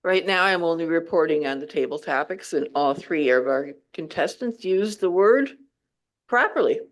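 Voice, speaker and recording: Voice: medium pitch, lively intonation, normal speed. Matter-of-fact meeting report. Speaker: word of the day reporter. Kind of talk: brief report.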